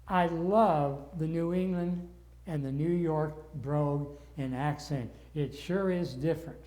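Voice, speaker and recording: Older male Bible study teacher, mellow and slightly high voice, earnest, gets wound up. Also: a little slow. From northern United States.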